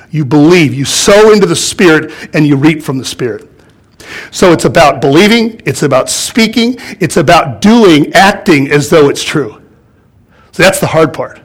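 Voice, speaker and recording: A man pastor delivering a sermon, animated and storytelling, chuckling as he goes. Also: on the high side. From United States. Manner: animated storytelling with laughs and acted-out quotes.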